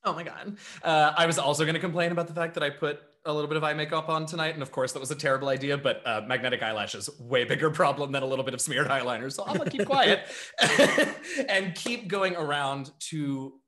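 A man's voice: on the high side, fairly even intonation, rapid-fire, few pauses, pushed and bright. A man hosting as storyteller and game master, introducing his players with effusive, playful thanks. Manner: effusive, grateful, playful banter. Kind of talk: warm show introduction.

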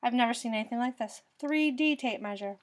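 A woman hosting a casual knitting vlog, chatting in an upbeat way and answering often with a quick "yep.". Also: a little high, very noisy. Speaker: knitting vlogger, host. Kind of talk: casual chat.

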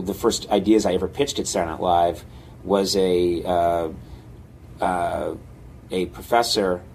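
A man's voice: deep voice, slight background noise, poor audio. A man in casual talk, telling an old comedy story with many fillers and laughs, switching between voices as he goes.

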